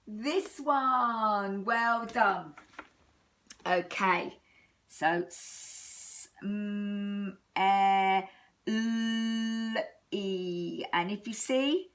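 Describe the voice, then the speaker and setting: Very slow, encouraging English woman teacher. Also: a little high. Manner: slow, sing-song and encouraging, stretching words out. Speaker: primary school teacher. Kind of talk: recorded phonics lesson for young children.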